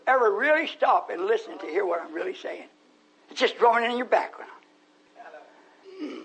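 Man, very high voice, sharp tone, scolding sermon, shouts now and then. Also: poor audio. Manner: scolding, preachy, rising to shouts. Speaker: pastor.

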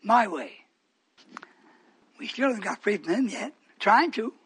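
A male preacher giving a fiery sermon, repeating phrases for emphasis and swinging between shouts and hushed whispers. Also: sits high, lively intonation, unhurried, breathy edge.

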